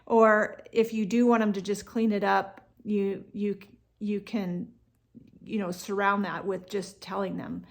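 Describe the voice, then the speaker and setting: A woman coaching parents in a relaxed, conversational way, with frequent fillers and restarts. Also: mid-range voice, a little slow, creaky. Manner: acts out what parents and kids say. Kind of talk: instructional talk to parents.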